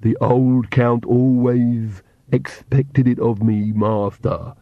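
A man voicing a servile male manservant with a slow, flat, odd-sounding voice, in an audiobook. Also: mid-range voice, dry recording. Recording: dull, dry lo-fi recording.

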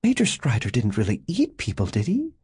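A man reading an audiobook voices a nervous, excited young woman with a soft, raised, questioning voice. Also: mid-range voice, brisk, husky, no room sound, clean studio sound, exaggerated voice.

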